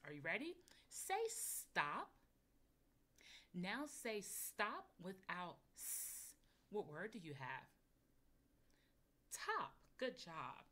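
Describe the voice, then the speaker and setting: Female kindergarten teacher, remote phonics lesson, lively pitch, unhurried, clear sounding-out. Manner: encouraging, sounds words out slowly and clearly for young children.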